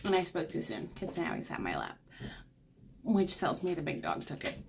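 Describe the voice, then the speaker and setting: A woman's voice: lowish voice, huge pitch swings, moderate pace, gravelly, slight background noise. A young woman, chatting casually through an unboxing vlog at home and cooing at her dog. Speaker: beauty vlogger.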